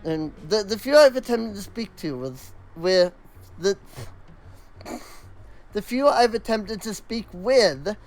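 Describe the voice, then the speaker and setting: A man's voice: high voice, animated, takes it slowly, long pauses, voice pushed up, heavily acted, low-quality recording. A man voicing an earnest young woman hunter from a remote village, polite and with a put-on accent.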